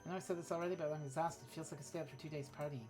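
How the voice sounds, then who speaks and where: A low-voiced woman rattles through a text adventure at a very fast clip, reading the story aloud for her stream. She drops in offhand asides and the odd swear word along the way. Soft music plays faintly underneath. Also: steady tone. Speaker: streamer playing a text game.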